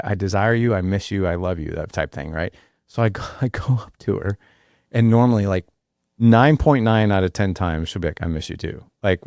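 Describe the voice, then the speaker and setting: Podcast host, man in his forties: deep and gravelly, animated storyteller, restarts a lot. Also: no echo, clean studio sound. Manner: animated, acts out quotes, many restarts. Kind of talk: casual conversational storytelling.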